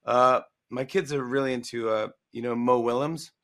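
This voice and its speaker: A man in his forties, a guest author in a casual interview, talking in a playful, animated way and acting out lines. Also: mid-range voice, moderate pace.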